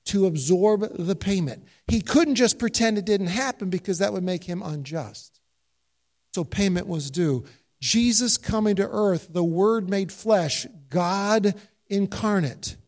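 High-voiced pastor preaching a sermon. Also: male voice, darkish tone. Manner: storytelling with rhetorical questions.

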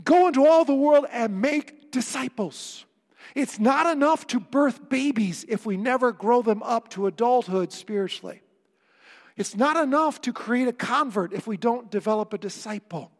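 A man's voice: very high voice, moderate pace. A male pastor preaching a sermon, earnest and emphatic, with wry asides to the congregation. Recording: long reverb of a church hall.

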